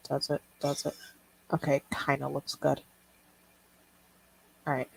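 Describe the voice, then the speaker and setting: A woman's voice: sits low, monotone, a little slow, creaky, husky, low-quality recording. A young woman streaming while she draws, chatting in a rambling, casual way, swearing and laughing often. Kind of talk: casual livestream chat while drawing.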